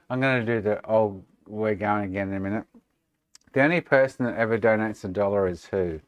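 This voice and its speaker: A man's voice: lowish voice, slight background noise. An Australian man chatting casually and sarcastically with viewers on a live stream, swearing freely. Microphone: desk microphone.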